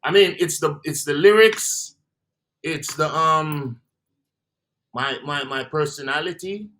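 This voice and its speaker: Laid-back Jamaican man, bright voice. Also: a little high, slow. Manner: laid-back, trails off between phrases. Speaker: interview guest. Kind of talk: casual interview chat.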